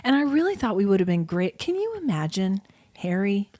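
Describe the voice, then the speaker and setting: A woman's voice: mid-range voice, very animated, brisk, mellow. Chatty female podcast co-host. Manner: chatty, laughing along. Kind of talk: casual comedic chat. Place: room with microphones.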